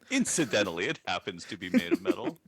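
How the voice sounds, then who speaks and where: Animated lower-voiced man retelling a comic. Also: brisk, crowd noise. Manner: animated storyteller with many fillers and restarts. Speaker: podcast co-host. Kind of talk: casual comic book recap chat.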